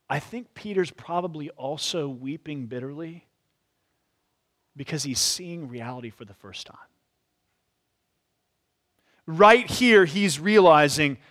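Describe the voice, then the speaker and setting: A man preaching an expository sermon in a church. He talks reflectively and often softens his points with "sort of.". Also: a little high. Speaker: pastor.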